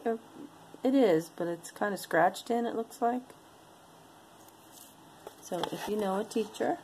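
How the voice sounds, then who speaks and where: A woman talks slowly and easily as she shows jewelry to her viewers, wandering off into little asides and comments to herself. Her voice sits at an ordinary middle pitch. A faint hum of room noise stays under her voice. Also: gravelly, dark tone, low-quality recording. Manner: chatty, rambling, talks to herself. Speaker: online jewelry seller. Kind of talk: casual sales chat to viewers.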